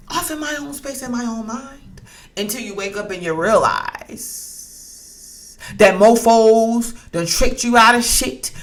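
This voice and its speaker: Her pitch runs on the high side and her tone is fairly bright. She's an astrology and tarot reader doing a casual reading, talking bluntly and hotly, swearing a lot and hammering points by repeating them.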